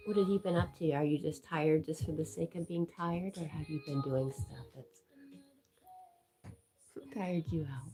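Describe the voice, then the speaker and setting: A woman's voice: deep voice, fairly even intonation, normal speed, pauses often, dark tone, echoey room, distant mic. A woman hosting a casual home livestream, coaxing her dog affectionately and reading out viewer comments. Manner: reads viewer comments aloud. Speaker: livestream host. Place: at home indoors.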